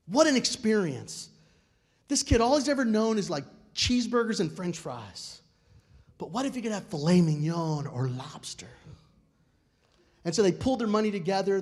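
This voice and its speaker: A middle-aged male pastor preaching a sermon, telling stories with dramatic swings from loud declarations to hushed, quiet moments. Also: high-pitched.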